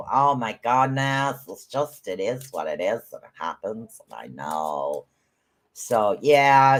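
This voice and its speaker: Man, podcast host, casual live rune reading, chatty, rambling, repeats himself, middle pitch. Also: fairly bright tone. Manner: chatty, rambling, repeats words, calls listeners honey.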